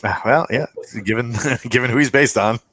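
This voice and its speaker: A man co-hosting a podcast in casual chat, polite and halting with many fillers. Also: medium pitch, fairly bright tone, no echo.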